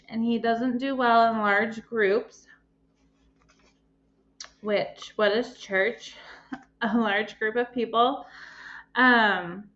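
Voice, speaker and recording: A woman hosting her own podcast, telling a personal story with emotion and plenty of pauses and ums. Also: mid-range voice, fairly bright tone, muffled recording. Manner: emotional, pausing, many ums. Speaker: podcast host and life coach.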